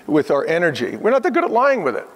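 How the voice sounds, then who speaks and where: A man's voice: sits high, huge pitch swings, fast. Emphatic fiftyish man with a lifted voice. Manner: earnest, emphatic storytelling that acts out the people he quotes. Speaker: podcast guest, former restaurant chief executive. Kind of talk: conversational interview. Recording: long hall reverb.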